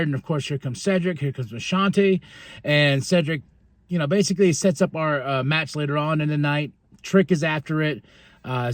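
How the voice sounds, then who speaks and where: A fairly high-voiced man chats through a casual podcast recap, excitable and quick to laugh. He acts out quotes as he goes. The sound is dry and close to the mic. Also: dry recording. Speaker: podcast host.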